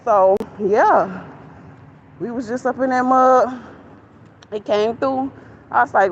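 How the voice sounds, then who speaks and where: A woman's voice: on the high side, slow pace, long pauses. Young woman venting on a walk. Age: young adult. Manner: chatty, candid, venting to viewers. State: out of breath while walking. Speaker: vlogger. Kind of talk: casual rambling vlog. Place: outdoors near a shopping center. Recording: lo-fi phone audio, traffic noise.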